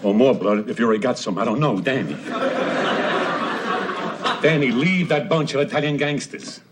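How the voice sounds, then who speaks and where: A man's voice: medium pitch, moderate pace, close to an everyday voice. An actor playing a fussy, anxious stepfather in a sitcom, who rambles and backtracks. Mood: worried. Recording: noisy old sitcom recording.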